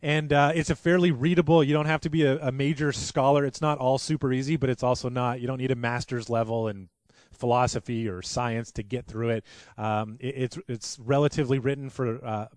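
A man's voice: medium pitch, fairly even intonation, brisk, a little mellow, dry recording. A man preaching a sermon as pastor, earnest and conversational, with frequent restarts.

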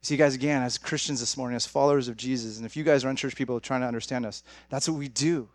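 Young pastor, male, chatty and direct with the congregation, talks fast, dry close mic. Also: medium pitch, fairly even intonation, dry recording. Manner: conversational, direct, addresses audience as guys. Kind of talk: sermon.

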